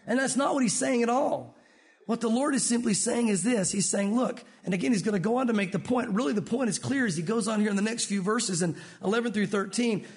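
A middle-aged man preaching a sermon, animated, acting out the voices of people in his story. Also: high-pitched, a little fast. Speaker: pastor.

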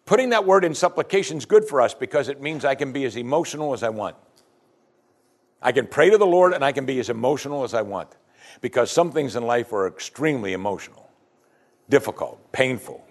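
Animated man preaching a sermon. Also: medium pitch, a little fast. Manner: animated preaching, acts out prayers in quoted voices. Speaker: pastor.

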